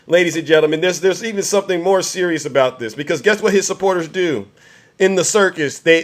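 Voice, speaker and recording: A man's voice: high-pitched, fairly bright tone. A man giving fiery political commentary, mocking and preachy as he taunts his audience.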